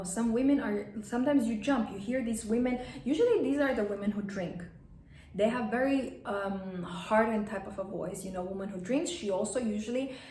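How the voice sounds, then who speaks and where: A woman's voice: medium pitch, warm tone, echoey room, distant mic, slight background noise. A woman coaching etiquette in a plain instructive way, stating blunt rules and acting out examples. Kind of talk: advice vlog lesson.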